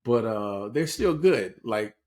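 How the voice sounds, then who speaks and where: A man's voice: on the low side, slow pace. A man in his forties co-hosting a podcast, telling stories in casual chat and laughing often. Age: 40s. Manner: animated storyteller, laughs often. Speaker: podcast co-host.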